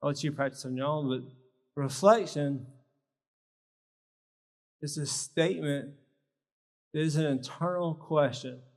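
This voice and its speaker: At a health symposium held in a large church hall, a man leads a live workshop, teaching in short, emphatic phrases. His voice sits on the high side with a darkish tone, and he speaks at a measured pace with long pauses. The recording carries the long reverb of a big hall.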